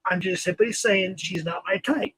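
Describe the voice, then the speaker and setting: High-voiced chatty man host. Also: moderate pace, pushed and bright, slight background noise, rough recording. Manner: chatty, rambling, talks straight to viewers. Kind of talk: casual live-stream chat.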